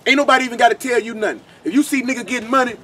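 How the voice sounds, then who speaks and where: A man leads an informal scripture lesson, his voice pitched high for a man. He talks in blunt street slang and keeps hitting the listeners with rhetorical questions. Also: rapid-fire, pushed and bright, a little hiss or hum. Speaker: Bible teacher.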